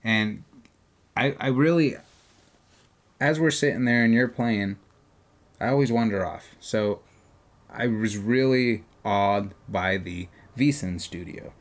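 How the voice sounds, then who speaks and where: Man telling a story, lower voice. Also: takes it slowly, long pauses. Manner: animated retelling, acts out quoted voices, swears casually. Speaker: podcast co-host. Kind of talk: casual storytelling chat.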